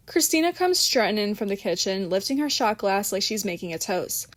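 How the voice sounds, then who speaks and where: Lively woman narrating an audiobook. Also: mid-range voice, moderate pace, hardly any pauses, no echo, clean studio sound. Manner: lively, playful storytelling.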